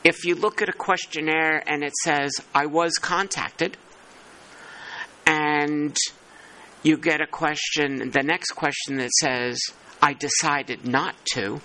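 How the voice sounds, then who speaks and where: A man's voice: a little high, normal speed, bright, forceful tone, rough recording. A man chairing a working-group meeting, thinking aloud and poking fun at himself. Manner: thinking aloud, self-deprecating.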